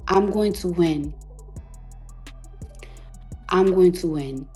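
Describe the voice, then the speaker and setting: A woman artist delivering an emotional, defiant monologue on a live audio chat, repeating herself for emphasis, swearing freely and sometimes dropping to a hushed whisper. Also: fairly low pitch, faint music behind. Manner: emphatic, defiant, repetitive, profane; slows to a hushed whisper at times. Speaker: recording artist.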